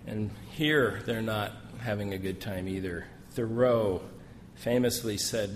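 A man's voice: lowish voice, a little slow. A man speaking as a missionary at a gathering, telling folksy, joking stories full of asides. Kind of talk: sermon with personal stories. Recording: long hall reverb, faint room noise.

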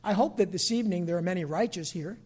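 He's a middle-aged pastor from New Jersey giving a sermon in a conversational tone, with soft asides giving way to loud, insistent bursts. The male voice is high-pitched, fast and slightly rough.

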